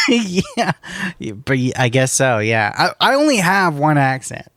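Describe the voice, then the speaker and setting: A man's voice: on the high side, very animated, unhurried, fairly bright tone, no room sound, studio quality. A young man rambling through a casual podcast story, swearing a lot and laughing often. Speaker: podcast co-host. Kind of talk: casual chat.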